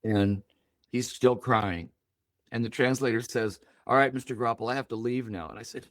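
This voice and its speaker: An older man, a podcast guest, telling a deeply personal story with feeling, acting out the other people's words as he goes. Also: normal speed, no room sound, studio quality. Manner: emotional, animated storytelling with voiced quotes.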